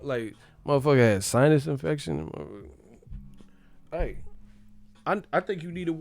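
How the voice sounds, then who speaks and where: A man chatting casually on a livestream, animated and profane, laughing often. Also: fairly high pitch, a little slow, long pauses.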